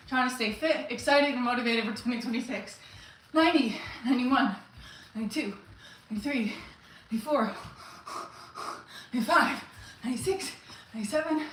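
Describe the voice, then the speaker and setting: Breathless bright-voiced woman streaming live. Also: a little high, roomy sound, a little hiss or hum, rough recording. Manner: chatty, answers viewers' comments, counts reps aloud. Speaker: comedian live-streaming to viewers. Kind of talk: casual live-stream chat while exercising.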